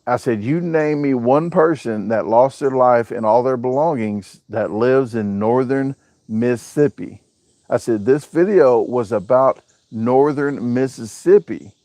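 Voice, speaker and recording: With no room sound on the recording, a man speaks at a measured pace in a dark, mid-range voice. He hosts a relaxed live chat at home, pointing the camera at his backyard, reading out comments and joking in a rambling, southern-US style.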